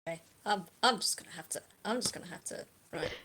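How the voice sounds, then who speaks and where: A woman narrating a tabletop game as game master, in a hesitant manner with many pauses and ums. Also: medium pitch, bright, forceful tone, breathy edge.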